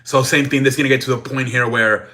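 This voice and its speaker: A man's voice: medium pitch, steady tone, fast, bright, forceful tone. A young man hosting a sports show, rambling in a profane, casual rant full of restarts and "man" tags.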